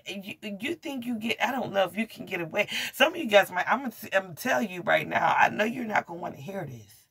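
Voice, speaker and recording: A tarot reader talks quickly in a slightly rough, mid-range voice as she does a casual reading facing the camera. Blunt and free with her swearing, she laughs and exclaims as her excitement builds.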